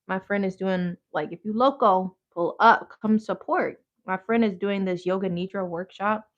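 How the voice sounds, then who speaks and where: A woman's voice: mid-range voice, fairly even intonation, moderate pace, lo-fi sound. A woman hosting a casual livestream while she crafts, rambling in slang and talking back to her chat. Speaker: yoga therapist and crafter, livestream host.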